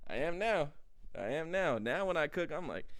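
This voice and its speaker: A young man giving a comedic, profane rant to camera as a vlogger, swinging from low mumbles to loud bursts in street slang. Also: moderate pace. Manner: animated, swings between mumbles and loud outbursts. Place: indoor room.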